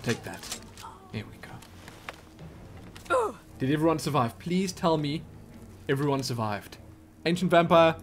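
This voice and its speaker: A man giving excitable, chatty commentary over his game, often exclaiming and joking. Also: fairly high pitch, unhurried, pauses often, slight background noise. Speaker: let's play gamer. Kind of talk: live gameplay commentary.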